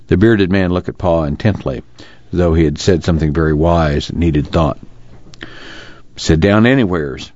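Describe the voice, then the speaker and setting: Deep-voiced male audiobook narrator. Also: no echo. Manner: steady, measured storytelling. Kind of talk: scripted narration. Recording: dull lo-fi recording.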